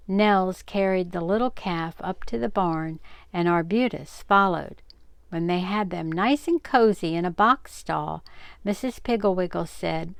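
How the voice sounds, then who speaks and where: An older woman reading a children's story aloud, gentle and expressive. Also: fairly low pitch, measured pace, vocal fry, smooth, no room sound.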